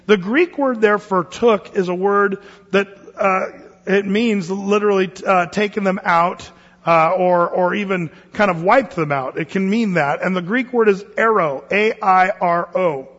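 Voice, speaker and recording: A pastor teaching a sermon verse by verse in a conversational way, with frequent asides and restarts. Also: male voice, high voice, a little slow, a bit bright, in a large hall, lo-fi sound.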